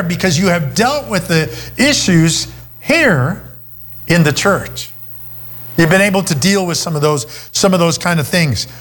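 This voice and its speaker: Preaching to his congregation, this middle-aged pastor tells a story from his own life, chatty and conversational, often starting sentences over. His pitch leans high and his tone is fairly bright.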